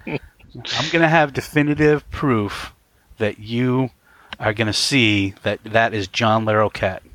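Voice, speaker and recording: A man's voice: mid-range voice, slow, a bit bright. A man co-hosting a podcast, chatting casually and laughing often. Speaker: podcast co-host. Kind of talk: casual chat.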